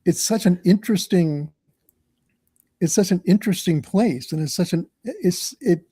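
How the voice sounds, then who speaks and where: Male author guest, halting delivery, slightly high, mellow voice. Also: no room sound. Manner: halting, many restarts. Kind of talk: casual interview chat.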